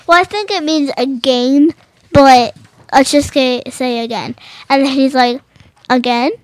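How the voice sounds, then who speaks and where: Woman, high voice, dry close sound; reads picture books aloud, trips over lines, chats between pages. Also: measured pace, dry recording. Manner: stumbling and rereading phrases, adding casual commentary. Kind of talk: reading children's books aloud with chatty asides.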